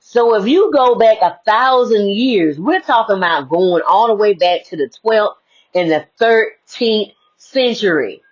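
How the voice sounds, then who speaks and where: Breathy woman life coach preaching spiritual stuff, pitch all over the place, kinda muffled lo-fi audio. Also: lively intonation, unhurried. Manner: emphatic, preachy, repeats key phrases. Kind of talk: spiritual motivational monologue.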